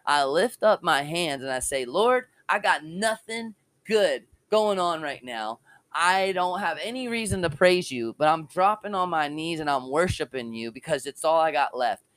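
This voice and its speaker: High-pitched man preaching with passion. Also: animated, moderate pace, fairly bright tone, no echo. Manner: passionate testimony with casual slang. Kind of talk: informal online sermon.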